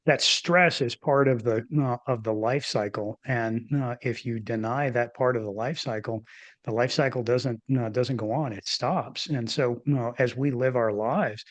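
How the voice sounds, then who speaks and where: A man in his fifties or older, a former doctor hosting a podcast, telling a personal story in a rambling, animated way with many restarts. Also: medium pitch, moderate pace, no room sound. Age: 50s or older. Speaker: podcast host, former physician. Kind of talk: casual interview storytelling.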